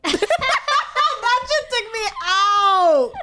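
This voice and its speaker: A woman's voice: extremely high pitch, very animated, very slow, sharp tone. A woman co-hosting a casual book-club podcast, reading passages aloud with relish and laughing often. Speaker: podcast co-host.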